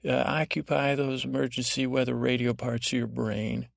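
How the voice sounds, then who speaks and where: A man hosting a podcast, talking in a meandering bedtime monologue with a lulling, drowsy tone and many halting restarts. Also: medium pitch, flat delivery, creaky, dry recording, studio quality. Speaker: podcast host.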